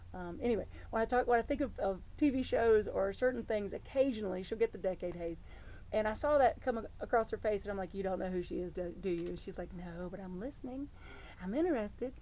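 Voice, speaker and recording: Earnest woman preaching a sermon. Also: medium pitch. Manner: storytelling, earnest and animated, with many restarts. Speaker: reverend.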